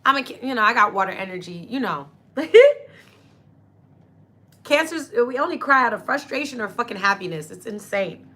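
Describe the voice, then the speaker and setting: Young woman, astrology host, bright voice, effusive, teary, casual chat. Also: fairly high pitch, animated, fast talker, hardly any pauses. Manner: effusive, grateful, talks to viewers directly. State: tearful with happiness. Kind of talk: casual emotional astrology talk.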